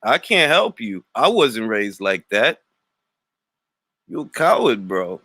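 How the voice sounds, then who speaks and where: A man's voice: on the low side, sing-song, slow pace, pauses often, pushed and bright, no echo, clean studio sound. Brash New York man taunting on a livestream. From Harlem, New York. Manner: brash, mocking trash talk with street slang. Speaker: livestream host.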